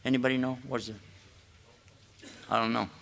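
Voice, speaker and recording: A man's voice: mid-range voice, flat delivery, normal speed, vocal fry, a bit bright. An older man from the United States giving an Islamic lecture in a mosque, a folksy, joking storyteller with casual asides. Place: mosque hall. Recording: echoey hall.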